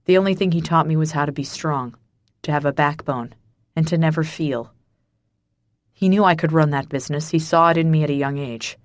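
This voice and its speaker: Woman voicing a gravelly brooding mafia boss. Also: brisk, dry recording, lightly acted. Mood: bitter. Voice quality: low and gravelly. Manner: quiet, clipped, bitter.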